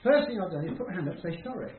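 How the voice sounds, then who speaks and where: A man's voice: sits high, lively intonation, racing. A man giving an informal, conversational talk, self-deprecating and acting out people's reactions as he speaks. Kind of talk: informal talk to a small group. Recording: tinny, roomy, faint hiss.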